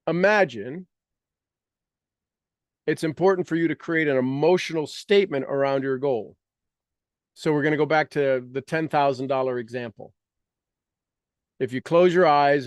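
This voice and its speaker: Energetic man coaching a visualization. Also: mid-range voice, moderate pace, long pauses, dry recording, clean studio sound. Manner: energetic, coaxing, acts out reactions. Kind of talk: guided visualization workshop. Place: online video call session.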